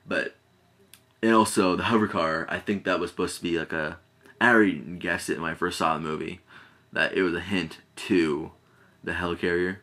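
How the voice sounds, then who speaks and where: A man's voice: deep voice, fairly even intonation, normal speed, pushed and bright. A man giving a casual, rambling movie review, full of fillers and restarts and often giggling.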